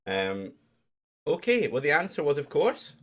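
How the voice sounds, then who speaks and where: A man's voice: fairly high pitch, huge pitch swings, measured pace, a bit bright. A Scottish man casually hosting a live-stream quiz, chatty and jokey as he reads out questions. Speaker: quiz host.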